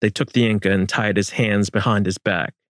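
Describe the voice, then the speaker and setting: A man reading historical fiction as narrator in a measured, solemn manner. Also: on the low side, steady tone, no room sound, studio quality.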